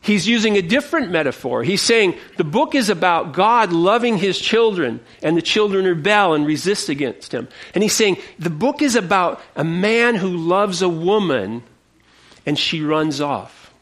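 High-voiced male preacher. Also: moderate pace. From United States. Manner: passionate, expressive, repeats words. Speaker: pastor. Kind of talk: sermon.

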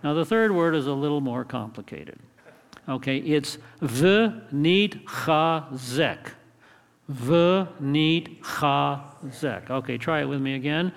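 A man's voice: mid-range voice, a little fast, gravelly, big-room sound. A man leading an evening Bible study in a playful, call-and-response way. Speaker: Bible teacher.

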